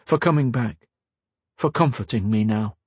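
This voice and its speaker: A man's voice: medium pitch, normal speed, a little mellow, husky, no echo, lightly acted. A man voicing a young royal woman, breathless and urgent. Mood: gentle.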